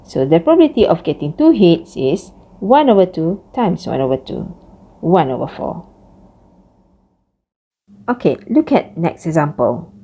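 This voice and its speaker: Slow, lively woman lecturer. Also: slightly rough, lo-fi sound. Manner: slow, lively pitch, explains step by step. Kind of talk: recorded math lecture.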